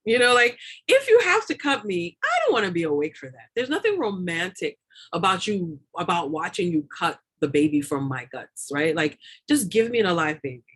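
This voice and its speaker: A woman's voice: on the low side, sing-song, brisk, a bit bright, slightly rough. Chatty woman guest, rambling with fillers. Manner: rambling, frequent fillers and repeated words, laughs often. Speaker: doula and lactation consultant, guest. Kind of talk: casual interview talk.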